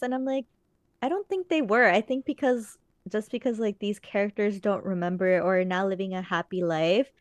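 A woman's voice: mid-range voice, no echo, studio quality. A woman chatting casually as a podcast co-host, rambling earnestly with many fillers. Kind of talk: casual chat.

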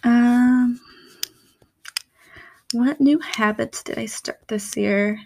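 Slow, gravelly-voiced young woman reflecting. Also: a little high. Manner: candid, emotional, soft-spoken with pauses. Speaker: vlogger. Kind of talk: reflective personal vlog.

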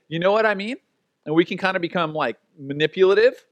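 Conversational preaching man, high voice. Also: fast talker, dry recording. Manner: conversational preaching with acted-out quotes and laughs. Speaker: pastor. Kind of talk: sermon.

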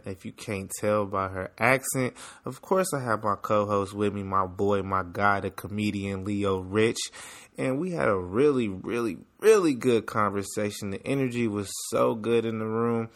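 A man's voice: fairly low pitch, fairly bright tone. A man introducing his podcast interview in an upbeat way, hyping up his guest. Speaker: podcast host. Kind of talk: spoken intro to camera.

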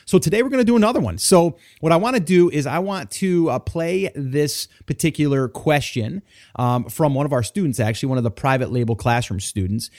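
A man's voice: fairly high pitch, lively intonation, a little fast, a little mellow. A man hosting a podcast, talking in an enthusiastic, rambling way with lots of fillers. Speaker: podcast host. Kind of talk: casual podcast chat.

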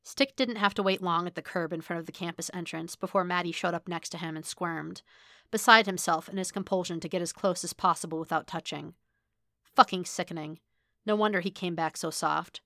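A woman reading fan fiction aloud as a podfic narrator, measured and even. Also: fairly low pitch, dry recording, studio quality. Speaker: podfic reader. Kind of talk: audiobook-style fiction reading.

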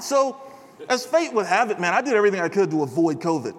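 A young man giving a chatty, animated chapel sermon to a large audience, peppered with bro and dude. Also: sits high, fast, big-room sound. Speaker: chapel speaker. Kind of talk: casual storytelling sermon.

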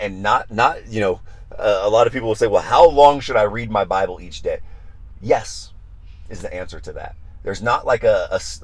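A pastor, a man who talks passionately and says he gets loud, repeating his phrases in a devotional livestream talk. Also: on the low side.

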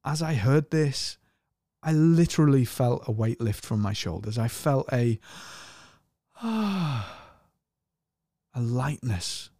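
A middle-aged man tells a spiritual experience in an earnest, searching way, circling back and restarting phrases. His voice is mellow and unhurried. It sits close and dry, with no room sound. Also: mid-range voice, lively intonation, no room sound. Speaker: podcast host. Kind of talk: reflective personal storytelling.

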